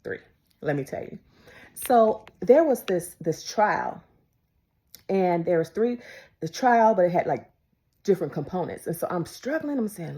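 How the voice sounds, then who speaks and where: Woman preacher, lower voice, very lively pitch, emphatic, repeats key phrases, drops to whispers. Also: unhurried, pauses often. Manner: emphatic, swings from loud to whispered. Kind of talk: devotional sermon.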